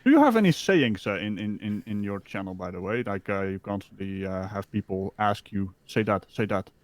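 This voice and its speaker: A man's voice: fairly low pitch, expressive, brisk. A man with a Dutch accent on a livestream, chatting casually and hesitantly, with many fillers and restarts.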